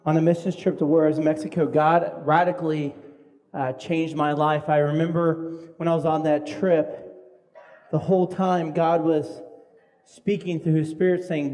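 A man's voice: a little high, little pitch movement, normal speed, a little mellow, in a large hall. A male pastor preaching a sermon in an earnest way, often repeating words as he restarts.

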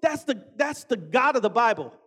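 A man preaching a conversational sermon, animated, stretching key words for emphasis and often turning to the audience with asides. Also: very high voice, normal speed, slightly rough.

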